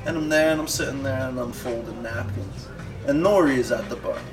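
A podcast host in his thirties rambles through a profane anecdote in casual conversation, laughing along, his mid-range voice a little fast. The mic is distant, with loud music playing in the background.

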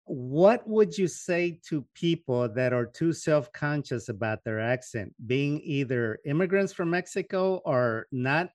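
A man's voice: on the high side, lively intonation, unhurried, few pauses, dry recording. A man hosting an interview, asking long, earnest questions. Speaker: host.

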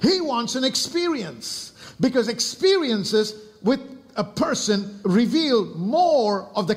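A pastor preaching with a high, bright male voice that swings widely up and down. He hammers each point home, asks rhetorical questions and pauses to call on the church to answer back. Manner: emphatic preaching with rhetorical questions and calls to the congregation. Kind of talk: sermon.

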